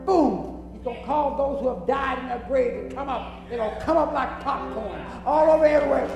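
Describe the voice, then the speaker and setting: A woman's voice: high-pitched, fairly quick, creaky, lo-fi sound. A woman preacher delivering a fervent sermon to a congregation. She repeats phrases for emphasis, chuckles often and acts out scenes as she goes. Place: church hall with congregation. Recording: echoey hall, music behind.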